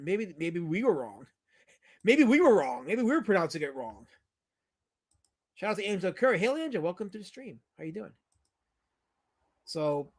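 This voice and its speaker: A man hosting a casual livestream, rambling about old movies and teasing his chat. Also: fairly high pitch. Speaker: livestream host.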